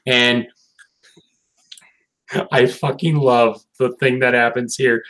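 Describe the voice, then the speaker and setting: A man's voice: medium pitch, level tone, slow pace, pauses often, fairly bright tone, poor audio. A man co-hosting a casual cartoon review chat. He sounds tired, swears often, and rambles with many fillers and restarts. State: tired, yawning late at night. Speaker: podcast co-host reviewing a cartoon episode.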